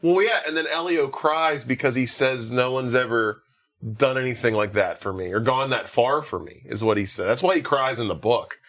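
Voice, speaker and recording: A man in his own easy speaking voice walks through a movie plot for his podcast listeners. He sounds relaxed and chatty, leaning on filler words and chuckling as he goes. His pitch sits right in the middle range for a man. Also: normal speed. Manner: retells scenes with lots of "like" and laughter. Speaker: podcast host. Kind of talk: casual movie recap chat.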